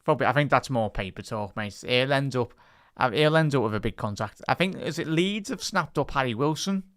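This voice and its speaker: A man's voice: medium pitch, lively intonation, a little fast, fairly bright tone, dry recording, studio quality. A man doing live football commentary on a stream, chatting with his viewers between bursts of play-by-play that lift on attacks. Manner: rises and speeds up on attacking moves. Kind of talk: casual live match commentary.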